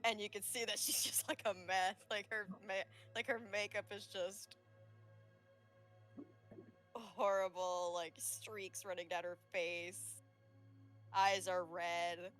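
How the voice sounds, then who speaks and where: A woman's voice: medium pitch, little pitch movement, slow pace, long pauses, fairly bright tone, faint music behind. A woman player describing her character's actions in a tabletop game, hesitant and full of fillers.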